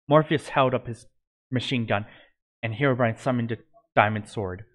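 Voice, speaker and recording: A man's voice: mid-range voice, normal speed. Man reading a fan story aloud. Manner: amateur reading with stumbles and self-corrections. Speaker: narrator.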